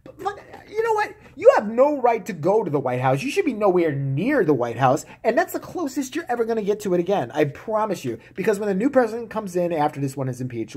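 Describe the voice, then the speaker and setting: A man ranting to camera with a husky, slightly rough tone. His pitch swings widely as he jeers and curses. He sounds crude, heated and mocking throughout. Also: a little mellow. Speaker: vlogger. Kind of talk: profane solo rant.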